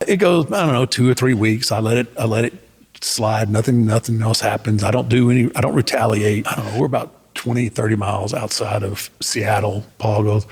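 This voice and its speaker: Gravelly man telling a rambling anecdote. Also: fairly low pitch, steady tone, brisk, darkish tone, in a large hall. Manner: laughing, rambling with restarts. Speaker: storyteller. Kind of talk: casual anecdote.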